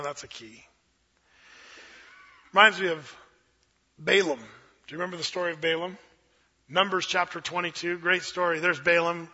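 A high, very bright male voice, a pastor delivering a sermon in an animated storytelling way, jumping into little character voices. The recording is dull and lo-fi, like an older church tape.

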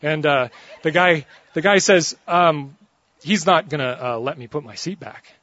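A man preaching a sermon, telling a funny personal story in an animated, joking way. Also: fairly high pitch, a little slow, no room sound, muffled recording.

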